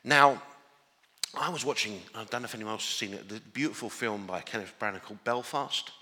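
An earnest man with an English accent preaches a sermon, his bright, forward voice ringing out. He restarts phrases often and builds to emphatic declarations. The sound carries a long hall reverb, as in a church. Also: lowish voice, fairly quick. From Northern Ireland. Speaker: pastor.

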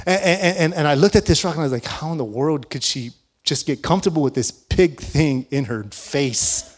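A man preaching, an animated storyteller who laughs often and acts out the dialogue of his story. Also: on the high side, moderate pace. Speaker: pastor. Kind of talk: storytelling sermon.

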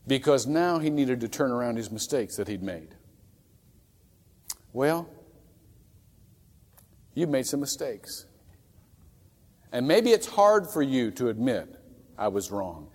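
A man preaching a sermon as a pastor, swinging from loud acted outbursts to soft, near-whispered pleas. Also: mid-range voice. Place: church sanctuary. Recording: long hall reverb from a church.

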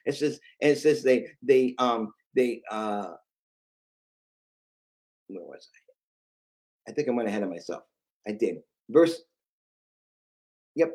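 A man preaching a fervent prophetic sermon, talking fast and often restarting his phrases. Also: mid-range voice, lively intonation, dark tone.

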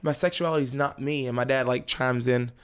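A young man, a podcast guest, telling a story in casual chat, animated and laughing often as he acts out his family's lines. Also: mid-range voice, fairly quick, clean tone. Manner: laughs often while talking.

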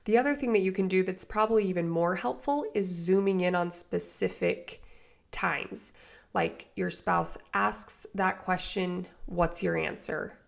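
A woman with a hoarse voice from a cold, hosting a podcast as a life coach and chatting straight to her listeners. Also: fairly low pitch, a little slow. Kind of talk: casual solo podcast talk.

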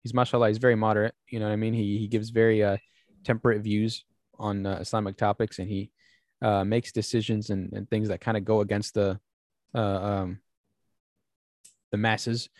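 In a dry, studio-quality recording, a man with a fairly low voice speaks at a moderate pace. As host of a laid-back podcast, he spins lively stories, performs quoted speech, and uses plenty of fillers and false starts.

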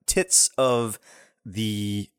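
A man's voice: lowish voice, extremely slow, smooth, no room sound, studio quality. A man co-hosting a podcast in casual chat, animatedly retelling scenes. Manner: animated retelling with playful quoted voices. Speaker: podcast co-host.

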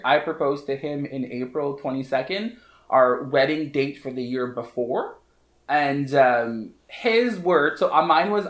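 A man, a hairstylist guest on a podcast, telling a story in an animated, casual way, full of fillers and repeated phrases. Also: a little high. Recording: roomy echo.

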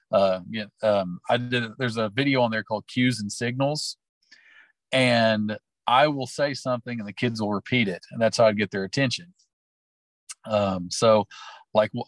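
A man talks through his teaching stories in an easy, rambling way, full of ums and restarts. His voice sits at an ordinary middle pitch. The sound is dry and close, with no room around it. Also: no echo. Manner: chatty, storytelling, lots of fillers. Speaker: teacher and coach, interview guest. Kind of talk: casual interview talk.

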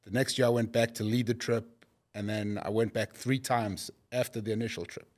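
A man with a South African accent, a guest telling his story in a relaxed, rambling way with frequent restarts. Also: lowish voice, moderate pace. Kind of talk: casual conversational storytelling.

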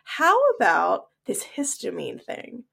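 A woman's voice: medium pitch, huge pitch swings, takes it slowly, creaky, bright, forceful tone, breathy edge. A woman co-hosting a podcast with a nasal voice, chatting casually and affirming her co-host. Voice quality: nasal today. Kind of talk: casual chat.

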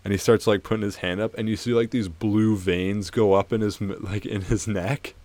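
A man's voice: lowish voice, steady tone, moderate pace, darkish tone, no echo. A young man co-hosting a podcast, telling movie stories in casual chat, swearing and laughing often. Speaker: podcast co-host.

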